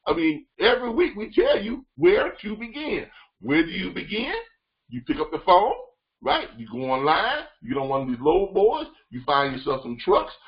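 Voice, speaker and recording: A man gives a coaching talk over a call, his fairly high voice leaning on repetition and lively retellings. The sound is muffled and lo-fi. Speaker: freight broker trainer. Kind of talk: motivational training call.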